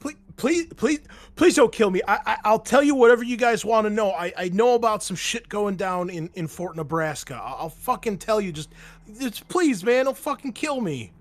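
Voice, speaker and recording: A man's voice: high-pitched, animated, normal speed, pitched above the performer's own voice. A man voicing a terrified captive woman who stammers and pleads for her life. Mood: panicked.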